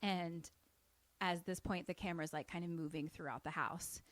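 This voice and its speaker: A woman's voice: on the low side, steady tone, moderate pace, dry recording. A young woman co-hosting a podcast, casually retelling a film in a chatty way, with lots of fillers. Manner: chatty, with frequent "like" fillers and swearing. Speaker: podcast co-host.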